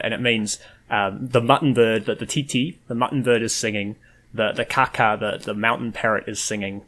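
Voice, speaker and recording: A man's voice: lowish voice, steady tone, normal speed, fairly bright tone, a little hiss or hum. A man hosting a casual podcast, talking with lots of fillers and restarts. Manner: hesitant, many fillers and restarts. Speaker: podcast host.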